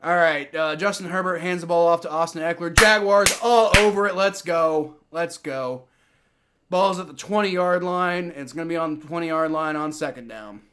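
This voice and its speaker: A man giving excitable live play-by-play reactions to a football game, swearing and repeating himself often. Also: on the high side, moderate pace, a little hiss or hum.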